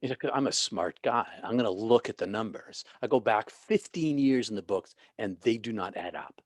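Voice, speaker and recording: A middle-aged man telling a long personal story in an interview, animated, with many restarts and acted-out quotes. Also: fairly low pitch, normal speed, no room sound. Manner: animated, restarts often, acts out quoted people. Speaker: guest, author and former minister.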